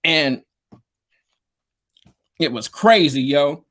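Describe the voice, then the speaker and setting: A man's voice: fairly high pitch, animated, drawn-out words, a bit bright. A man, a DJ and producer, telling stories in a casual interview, rambling with lots of fillers and slang over a video call. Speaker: guest, DJ and producer.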